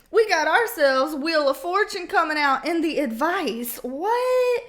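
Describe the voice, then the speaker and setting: A woman's voice: sits high, fairly bright tone. A woman giving a casual tarot reading at home, talking bluntly with slang and plenty of swearing. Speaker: tarot reader. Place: home with a cat.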